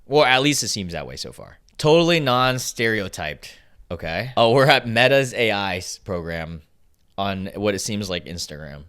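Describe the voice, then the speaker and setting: A young man hosting a casual reaction video, chatty and excitable, laughing often between lines. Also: on the low side, moderate pace, clear, resonant tone. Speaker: YouTube host.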